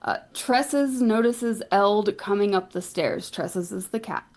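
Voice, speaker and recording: A woman recounting a fantasy game session in a loose, wry way. Her voice sits at an ordinary middle pitch, and the telling is casual and a bit irreverent. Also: slow pace, darkish tone. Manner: casual, wry, laughs and swears. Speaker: game recap narrator.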